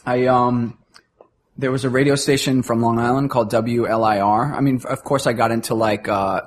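A man's voice: medium pitch, fairly even intonation, normal speed, a little hiss or hum. A man in his fifties from New York, a touring musician guest talking casually and rambling as he hunts for words. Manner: rambling, restarts often while searching for words. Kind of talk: casual chat.

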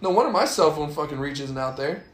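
A man's voice: on the high side, lively intonation, fast talker, noisy background. A young man from the United States hosting a casual podcast chat with friends, crude and teasing, swearing freely in banter. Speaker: podcast host. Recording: echoey room.

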